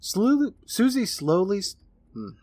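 A man's voice: high voice, huge pitch swings, takes it slowly, darkish tone, no room sound. A man co-hosting a podcast, recapping a horror episode in casual chat and laughing often. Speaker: podcast co-host.

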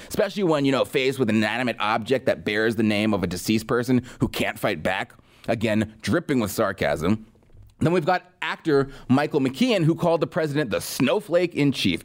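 A man's voice: medium pitch, lively intonation, brisk. A man hosting a political commentary show, talking in a sarcastic, mocking way. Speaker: podcast host.

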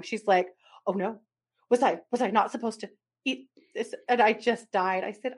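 A woman's voice: mid-range voice, normal speed, breathy edge. A woman co-hosting a podcast, telling a family story in casual chat and often laughing and acting out what people said. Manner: animated storyteller, laughs often, acts out quotes. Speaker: podcast co-host.

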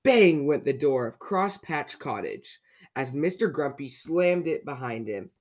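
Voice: medium pitch, animated, unhurried, darkish tone. A storyteller reading a children's picture book aloud, playfully asking young listeners questions along the way.

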